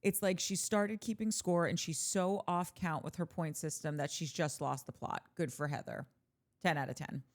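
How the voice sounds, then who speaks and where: Brief: woman podcast co-host, lower-pitched voice, lively asides while reading fan comments. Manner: animated, quick asides between readings. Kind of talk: casual chat, reading listener comments aloud.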